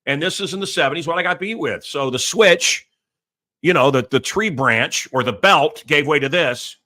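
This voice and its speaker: A man's voice: on the high side, moderate pace. Blustery, crude male talk show host. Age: middle-aged. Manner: loud, blustery and crude, with mocking put-on voices. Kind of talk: rambling political rant.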